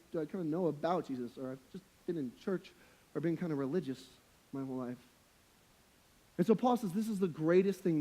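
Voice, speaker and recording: Young male pastor, high voice, casual slangy sermon, jokey and emphatic. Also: dark tone. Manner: humorous, emphatic preaching.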